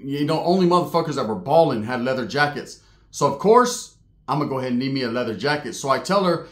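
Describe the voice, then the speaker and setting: A man telling a true paranormal story in a casual, streetwise way, swearing freely and getting animated. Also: fairly high pitch. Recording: echoey room.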